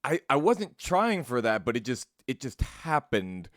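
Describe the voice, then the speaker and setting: A man's voice: medium pitch, very animated, measured pace, fairly bright tone, no room sound, clean studio sound. A man giving laid-back, playful commentary on a fighting game match. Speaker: esports commentator.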